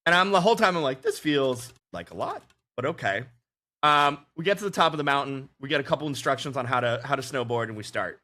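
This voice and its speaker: A man chatting casually on a podcast, telling animated anecdotes and laughing often. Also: mid-range voice, racing, few pauses. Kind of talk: casual chat, storytelling.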